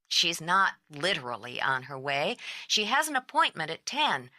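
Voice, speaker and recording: A sleepless, strung-out woman, voiced by a female narrator, speaks low with a tight, edgy tone. She is blunt and clipped, worn down but still sharp. The audiobook sound is dry and close. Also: big pitch swings, moderate pace, no room sound, full character voice. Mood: weary. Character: exhausted sharp-tongued woman on the phone.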